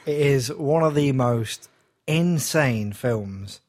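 A man's voice: medium pitch, animated, slow pace, a little mellow. A man giving a casual film review, hesitant, with many restarts and dry humor. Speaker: podcast guest reviewer.

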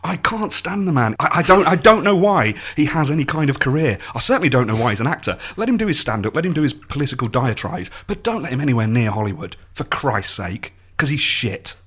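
A man's voice: medium pitch, sing-song, fast, few pauses, a bit bright, breathy edge. A man co-hosting a podcast, blunt and sweary with dry put-downs. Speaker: podcast co-host. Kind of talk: casual chat.

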